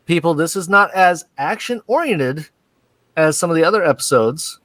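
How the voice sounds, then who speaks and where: A man casually recapping a cartoon episode, excitable and profane, acting out the scenes in quick put-on voices. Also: on the high side, no echo. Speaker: podcast co-host.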